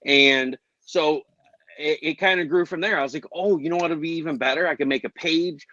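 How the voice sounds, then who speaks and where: A man's voice: on the high side, a little fast, pushed and bright, muffled recording. A man hosting a casual podcast chat, talking in a rambling, upbeat way. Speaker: podcast host.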